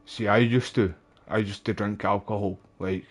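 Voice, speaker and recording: Scottish guy streaming a game, lowish voice, just chatting away to chat, mate this mate that. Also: fairly even intonation, normal speed. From Scotland. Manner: chatty, addresses viewers as mate and pal. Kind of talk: casual live-stream chat while playing.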